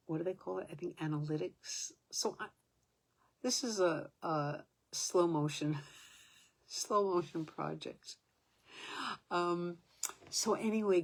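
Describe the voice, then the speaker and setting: A woman's voice: sits low, vocal fry, slightly rough. An older woman at home, talking to her own camera in a rambling, aggrieved way, with many fillers. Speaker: vlogger. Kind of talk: casual talk to camera.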